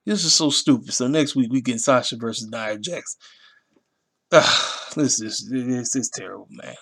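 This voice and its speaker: A man with a voice at a middle pitch, talking in a loose, casual rant. He sounds exasperated and animated, repeating himself and jumping high in pitch when he gets outraged. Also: measured pace, vocal fry. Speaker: wrestling show reviewer.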